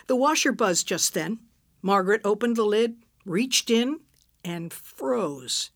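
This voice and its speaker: A woman narrating a story in an expressive, unhurried reading voice. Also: mid-range voice, no echo, studio quality.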